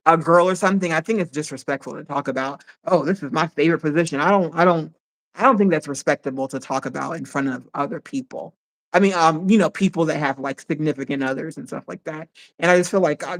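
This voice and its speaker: A man with a fairly high voice talks in a casual live discussion as a psych nurse. He sounds excited and halting, stumbling and repeating words as he searches for what to say. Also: rough recording.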